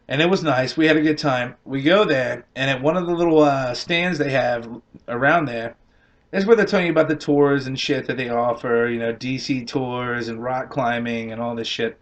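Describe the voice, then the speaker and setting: A man with a Boston accent telling a rambling, profane comic story and laughing at his own punchlines. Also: medium pitch. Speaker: comedian. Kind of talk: storytelling comedy rant.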